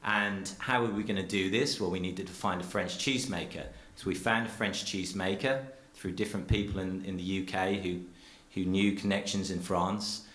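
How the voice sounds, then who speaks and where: A dairy farmer and cheesemaker giving an earnest, rambling public talk full of restarts, speaking from a theatre stage. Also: male voice, low voice, fairly even intonation, normal speed, fairly bright tone, echoey room.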